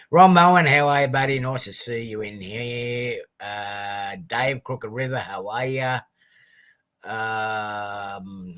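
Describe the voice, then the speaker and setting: A middle-aged Australian man in casual livestream chat, his voice sitting at an ordinary middle pitch. He rambles along, greeting viewers by name and filling pauses with ums and uhs. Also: a bit bright. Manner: rambling, chatty greetings to viewers with many fillers. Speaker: livestream host.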